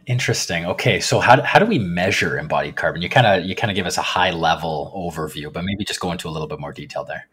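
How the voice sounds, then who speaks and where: A man's voice: sits low, fast talker, few pauses, fairly bright tone, slightly rough. A man co-hosting a podcast, asking curious, rambling questions in a casual way. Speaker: podcast co-host.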